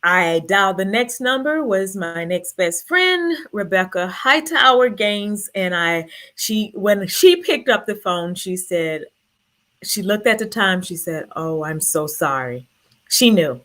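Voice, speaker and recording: A woman speaks to a group in an earnest, heartfelt way, sharing her story at her own pace. Her voice stays in a middle pitch, and she sounds close to tears as she pushes on. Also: expressive, a little slow, a bit bright. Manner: earnest, emotional, fighting back tears. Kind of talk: personal storytelling to an audience.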